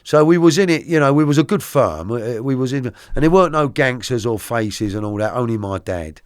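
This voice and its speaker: A middle-aged man recounting his arrest in colloquial, vivid storytelling, now and then shouting out the quoted lines. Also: mid-range voice, expressive, brisk, clear, resonant tone, no room sound, clean studio sound. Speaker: guest. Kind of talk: true crime storytelling.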